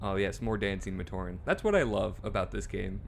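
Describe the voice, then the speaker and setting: A man's voice: sits low, animated, fairly quick, gravelly, slight background noise. A man co-hosting a casual livestream while playing a game, joking around and laughing a lot. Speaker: co-host. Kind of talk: casual livestream gameplay chat.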